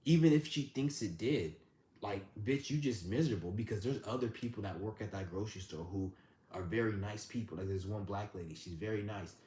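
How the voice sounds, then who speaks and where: A man hosting a live stream who rants and tells stories in a blunt, profane, animated way. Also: on the low side, fairly quick. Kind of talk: ranting storytelling. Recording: roomy with faint background hum.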